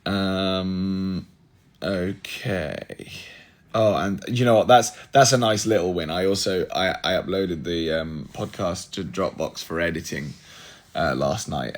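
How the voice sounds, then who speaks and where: A man's voice: deep voice, creaky. A man hosting a casual livestream from a room at home, chatty and scattered, joking at his own expense while he sorts things out. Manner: scattered, chatty, self-deprecating, talks while multitasking. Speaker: podcast host on a livestream.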